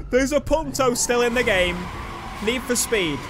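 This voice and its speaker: A man giving excitable let's play commentary over a racing game, swinging between muttering and shouting. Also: extremely high pitch, a little slow. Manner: excitable, shouts and laughs at the race. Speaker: gaming YouTuber. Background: game music and engine sounds.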